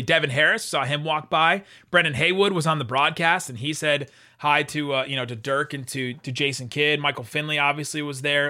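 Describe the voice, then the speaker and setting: A man hosting a casual sports podcast, chatty and quick to laugh, often restarting his sentences. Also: fairly high pitch, sharp tone. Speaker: podcast host.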